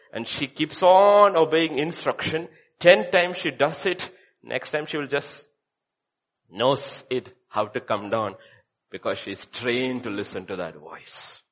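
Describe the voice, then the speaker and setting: A man preaches a sermon from the pulpit in a fairly high voice. He drives his points home by repeating short phrases, dropping to a hush and then rising loud again. The sermon sounds like it was recorded in a church. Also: a little slow. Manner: emphatic preaching with wide swings in volume, from hushed to loud. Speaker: pastor.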